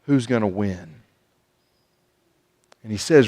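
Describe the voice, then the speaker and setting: A man delivers a sermon in a church sanctuary, speaking earnestly with frequent restarts and repeated words. His voice sits at a middle pitch, and a long reverb trails each phrase through the hall. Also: a little slow. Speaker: preacher.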